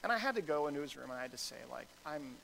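A man's voice: a little high, very animated, rapid-fire, creaky, fairly bright tone, slight background noise, poor audio. A man, a pastor with a son, preaching a sermon in a conversational, self-deprecating style full of fillers and restarts.

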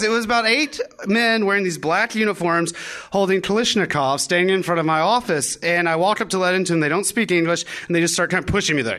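Young guy telling a funny story on stage, dry self-mocking, bright punchy voice. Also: sits high, a little fast. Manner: wry, self-mocking, animated, acts out quotes. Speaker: live storyteller. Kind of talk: live personal storytelling to an audience. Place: live venue stage.

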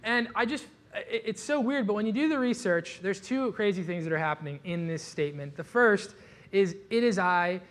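A man preaching a conversational sermon, casual and animated, with joking asides and frequent fillers. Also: high-pitched. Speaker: pastor.

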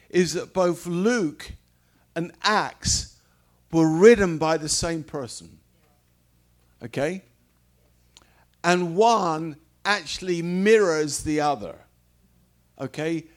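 A man preaching a sermon, reading scripture and explaining it slowly, with emphatic repetition. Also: a little high.

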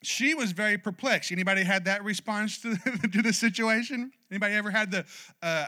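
Male pastor, emphatic sermon, high and very bright voice. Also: a little fast. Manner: emphatic, calls for "amen" from the congregation; builds to loud, passionate exhortation.

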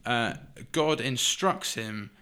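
A man's voice: mid-range voice, lively intonation, takes it slowly, pushed and bright, clear, resonant tone. A man co-hosting a faith podcast, explaining earnestly with frequent fillers. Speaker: podcast co-host.

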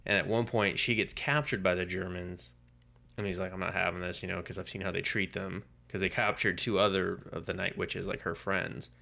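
A podcast co-host with a low, gravelly voice retells a story during a casual comic book podcast chat. He talks a little fast and tells it with animation, acting out the quoted lines.

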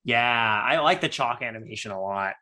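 Bright-voiced enthusiastic man chatting. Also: medium pitch, animated, moderate pace. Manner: enthusiastic, rambling with restarts. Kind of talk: casual chat.

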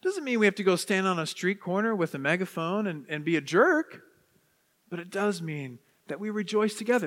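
A man, a priest, preaching a sermon with animated swings from hushed to exuberant. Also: high-pitched, brisk. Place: church sanctuary. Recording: long church reverb.

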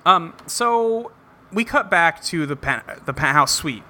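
A man co-hosting a casual podcast who recaps a cartoon episode with animated storytelling. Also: fairly high pitch, measured pace. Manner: animated storytelling, laughs often. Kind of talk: casual chat.

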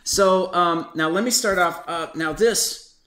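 A man's voice: high-pitched, measured pace, sharp tone, roomy sound, a little hiss or hum. A man hosting a casual Bible study conversation, chatty and laughing often as he reads out passages. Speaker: host of a Bible study podcast.

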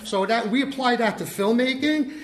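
An older man with a notably high voice tells lively stories as a guest filmmaker, acting out the lines of the people in them. The sound has a roomy echo. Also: normal speed. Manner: animated, acts out quotes. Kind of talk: casual storytelling chat. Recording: roomy echoey room.

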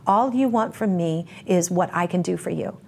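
A woman's voice: lowish voice, normal speed, creaky, a little mellow, slight background noise. A woman giving a candid interview, telling her story bluntly and vividly. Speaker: interview guest.

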